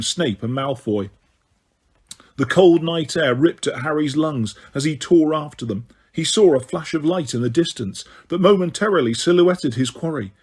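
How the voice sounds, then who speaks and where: Husky male audiobook narrator. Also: a little high. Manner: steady storytelling with occasional stumbles.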